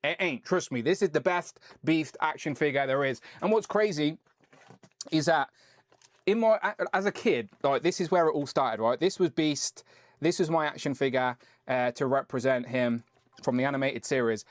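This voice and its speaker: A man's voice: on the high side, moderate pace, dry recording. A man hosting a casual live stream, chatting and rambling as he reads out viewer messages.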